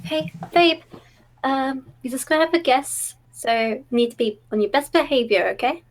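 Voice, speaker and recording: A woman's voice: sits high, moderate pace, voice pushed up. A woman voicing a young woman who looks after her younger brother, speaking hesitantly with many ums. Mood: firm, gentle.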